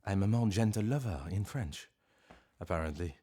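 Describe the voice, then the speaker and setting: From his living room, a man chats casually on a live stream, rambling, joking at his own expense and bursting out loudly now and then. He has a deep, expressive voice and talks at normal speed.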